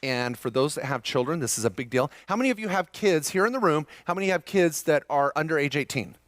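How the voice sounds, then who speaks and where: A middle-aged man giving a live seminar talk to a room of listeners, lively and joking, often questioning the audience. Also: a little high, fast, dry recording, clean studio sound. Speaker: seminar presenter.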